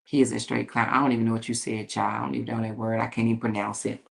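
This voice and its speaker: Lady on a livestream, super low gravelly voice, sassy and cussing, reading comments. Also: flat delivery, rapid-fire. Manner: sassy, blunt and profane, laughs often.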